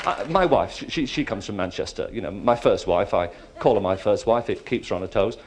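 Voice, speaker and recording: A man's voice: fairly low pitch, animated, brisk. A man doing stand-up, rambling through a story about his wife. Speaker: stand-up comedian. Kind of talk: stand-up joke telling. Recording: noisy live venue with a crowd.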